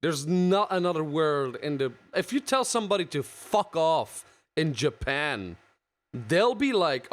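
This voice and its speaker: Brief: male co-host, somewhat high voice, blunt and profane banter. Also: sing-song, a little slow. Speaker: podcast co-host. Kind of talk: casual chat.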